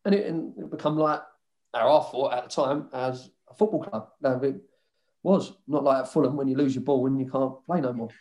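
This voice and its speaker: A man's voice: mid-range voice, fairly quick, a little mellow. A man telling rowdy stories about his football days in a casual chat, swearing freely and laughing often. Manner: swears a lot, laughs often, mimics others. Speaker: former footballer guest.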